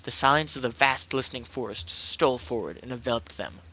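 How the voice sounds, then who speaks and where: Bright-voiced young man reading aloud. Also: medium pitch, brisk, slight background noise, low-quality recording. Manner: hesitant, stumbles and restarts, lots of "like". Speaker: amateur story reader. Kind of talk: casual read-aloud of a horror story.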